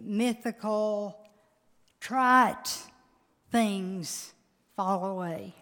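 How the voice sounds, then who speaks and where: A woman preaching a heartfelt sermon in a large hall with a long reverb. She talks slowly and emphatically, her voice at a middle pitch, swelling into sudden loud peaks.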